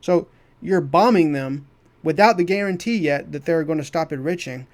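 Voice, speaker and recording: A man's voice: on the high side, normal speed, a little mellow, dry recording. A man commenting on a clip of his own debate, talking emphatically and repeating phrases for stress. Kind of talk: heated commentary over a clip.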